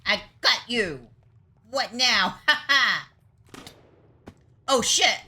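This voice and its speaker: Bright-voiced playful woman streamer. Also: on the high side, lively intonation, extremely slow. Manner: playful, exclamatory, mock-dramatic; talks to herself and chat while playing. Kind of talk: live gameplay commentary.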